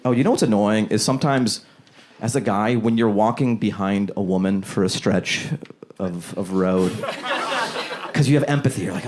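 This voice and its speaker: A man performing a stand-up comedy set on a club stage, acting out characters in quick asides. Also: fairly low pitch. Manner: animated, acts out voices in quick asides. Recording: loud audience laughter behind.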